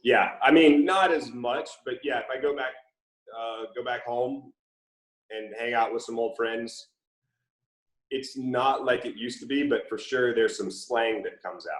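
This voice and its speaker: A middle-aged man from Mississippi with a faint Southern accent, a former Navy SEAL telling stories in a relaxed way with many fillers during an interview. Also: mid-range voice, unhurried, echoey room, poor audio. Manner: relaxed storytelling with frequent fillers. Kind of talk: casual interview conversation.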